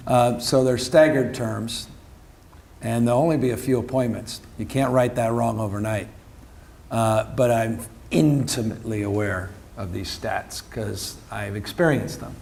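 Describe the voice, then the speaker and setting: Middle-aged male candidate, gravelly timbre, emphatic and playful delivery. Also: mid-range voice, darkish tone, slight background noise. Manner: quick, joking, emphatic. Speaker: political candidate at a forum. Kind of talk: casual onstage conversation.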